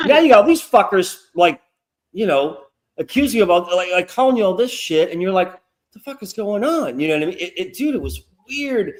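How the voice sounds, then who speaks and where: A man's voice: high voice, big pitch swings, a little fast. A man who is a guest comic artist, getting worked up in a casual talk, swearing often and sounding sarcastic. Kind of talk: heated casual chat.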